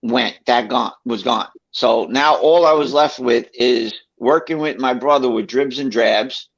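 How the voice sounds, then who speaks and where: A man's voice: medium pitch, measured pace, breathy edge. A middle-aged man, telling his own story in a rambling, casual way with many fillers and restarts. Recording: dull lo-fi recording.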